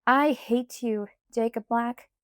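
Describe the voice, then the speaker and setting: A woman reading the part of an angry, hurt teenage girl, her lines raised, emphatic and slowed. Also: on the high side, fairly even intonation, fairly bright tone, no echo, studio quality. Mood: furious. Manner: raised, emphatic, slow outbursts.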